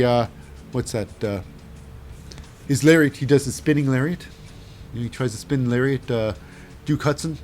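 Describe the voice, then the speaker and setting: A man's voice: medium pitch, a little mellow, a little hiss or hum. A man casually recapping wrestling matches in a rambling, wry way with lots of fillers.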